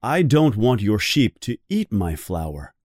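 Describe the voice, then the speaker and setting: A man voicing a worried, earnest little boy prince who asks slow, pleading questions. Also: lowish voice, very animated, darkish tone, no echo, clean studio sound.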